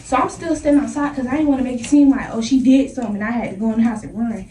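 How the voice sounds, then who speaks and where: High-voiced young woman telling a story animatedly. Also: racing. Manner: animated, acts out scenes, heavy slang. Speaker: vlogger. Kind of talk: casual storytime. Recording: echoey room, voice from a distance.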